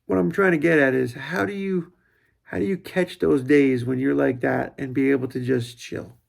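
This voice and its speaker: A man's voice: mid-range voice, fairly even intonation, moderate pace, gravelly. A middle-aged man in a casual, rambling reflective monologue, often breaking off and quoting his own thoughts aloud. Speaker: vlogger.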